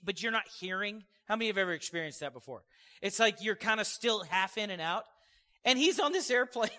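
A male pastor preaching a sermon, telling stories with energy and calling out "amen" to his congregation. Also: extremely high pitch. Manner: storytelling, animated, calls "amen" to congregation. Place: church sanctuary.

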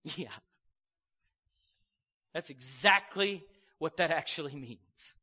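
A man preaching a sermon to a congregation, energetic and joking, acting out quoted voices. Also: fairly high pitch, takes it slowly, slightly rough, in a large hall.

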